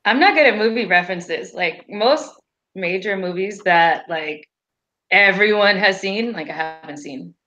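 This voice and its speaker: A woman's voice: mid-range voice, measured pace, bright, forceful tone. A woman from South Carolina with a Southern accent, chatting as a guest over a video call and laughing often. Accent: Southern American. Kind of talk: casual chat.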